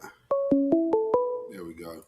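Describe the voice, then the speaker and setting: A man's voice: takes it slowly, loud music behind the voice. A man hosting a casual call-in livestream who laughs easily and talks in a playful, chatty way. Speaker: host.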